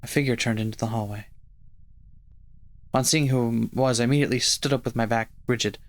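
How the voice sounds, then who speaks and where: A man's voice: mid-range voice, brisk. Man reading game text aloud. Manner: steady first-person reading of game text. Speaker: let's play host. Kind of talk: reading visual novel narration aloud.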